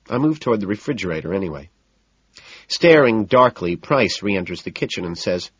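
Low, husky male audiobook narrator. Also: lively intonation, moderate pace, no room sound. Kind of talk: first-person audiobook narration. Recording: dull, muffled audiobook recording.

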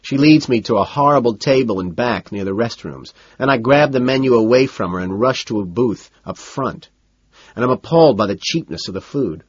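A man reading a first-person audiobook in a cool, detached, deadpan way. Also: mid-range voice, normal speed, slightly rough, no echo, highs cut off. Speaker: audiobook narrator.

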